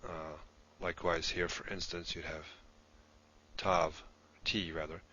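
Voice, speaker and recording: A man's voice: low-pitched, flat delivery, a little slow, pushed and bright, dull audio, slight background noise. A man giving a recorded lesson, explaining patiently step by step while he writes things down. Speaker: instructor in a played lesson video.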